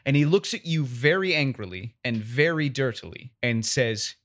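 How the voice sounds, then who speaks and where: A man's voice: medium pitch, animated, normal speed, a bit bright. A man narrating as game master of a tabletop game in a casual, descriptive way.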